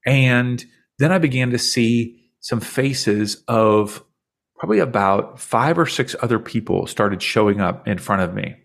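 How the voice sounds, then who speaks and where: A man in his forties, a podcast guest, earnestly and reflectively recounting a deeply personal experience in conversation. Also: animated, a little slow, gravelly.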